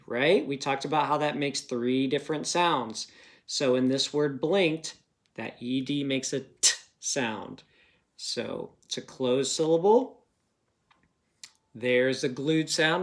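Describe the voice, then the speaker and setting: Brief: male grade-school teacher, unhurried and patient, coaxing kids along with questions. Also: on the high side, a bit bright. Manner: patient, checks in with frequent "okay?" and questions to young listeners. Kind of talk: recorded phonics review lesson.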